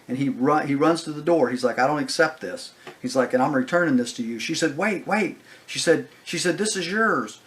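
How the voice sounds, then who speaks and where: A man casually telling a personal anecdote, talking it through with fillers, restarts and quoted back-and-forth dialogue. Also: fairly high pitch. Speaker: guest speaker. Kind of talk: casual storytelling.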